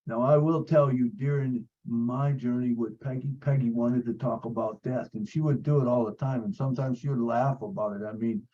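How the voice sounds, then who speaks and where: A man's voice: mid-range voice, fairly even intonation, moderate pace, hardly any pauses, highs cut off. A man sharing a personal story on a video call, earnest, repeating phrases, with many fillers. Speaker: support group member.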